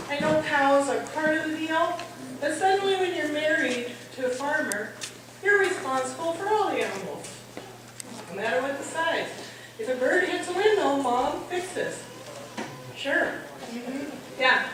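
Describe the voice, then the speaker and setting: High-voiced woman telling stories in an echoey hall. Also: distant mic, background noise. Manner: animated, acts out voices, laughs often. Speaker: stand-up comedian. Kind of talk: stand-up storytelling. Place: hall at a holiday party.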